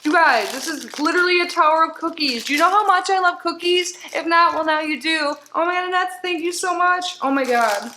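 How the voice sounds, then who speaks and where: A middle-aged woman hosting a casual unboxing video, gushing and excitable, often gasping and laughing at each item from her desk at home. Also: very high-pitched, fairly quick, hardly any pauses. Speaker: YouTube unboxing channel host. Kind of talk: casual unboxing chat to camera. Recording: roomy home room with faint noise.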